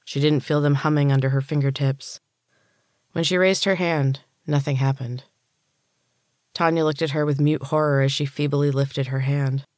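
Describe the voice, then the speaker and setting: A woman author and podcast host reading her own story aloud in a steady, measured narration. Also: low-pitched, dry recording, studio quality. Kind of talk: audiobook-style story reading.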